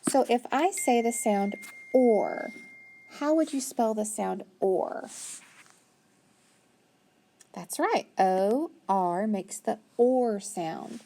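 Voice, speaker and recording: Slow-talking woman phonics teacher. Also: a little high, lively intonation, creaky, mellow. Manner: patient, praising, asks questions and answers them; spells letters out one at a time. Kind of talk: phonics lesson to young pupils.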